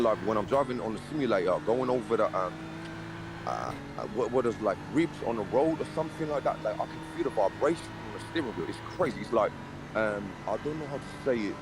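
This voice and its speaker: A man chatting over an online voice call, his voice sitting fairly low and a clear hiss of noise behind him. He rambles in slangy banter, peppering every line with "mate" and "brother", and puts on a British-style accent. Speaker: guest in voice chat. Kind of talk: casual banter. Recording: voice chat with clear background noise.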